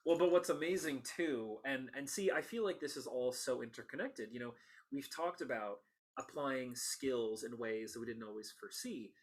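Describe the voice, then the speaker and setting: An enthusiastic man hosts a relaxed interview, chatting freely and laughing along with his guest. His voice sits at an ordinary middle pitch, and he speaks in long, meandering thoughts. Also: moderate pace. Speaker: podcast host. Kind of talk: casual interview conversation.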